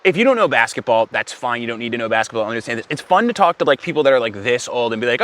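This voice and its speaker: A young man telling a comedic story in a rambling, deadpan way, with self-aware asides. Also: medium pitch, rapid-fire.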